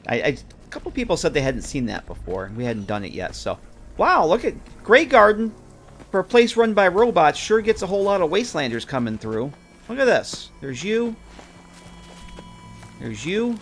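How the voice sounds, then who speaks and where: A man's voice: high-pitched, sing-song, normal speed, a bit bright, a little hiss or hum. A man streaming a game live, chatting casually with viewers and joking with characters as he plays.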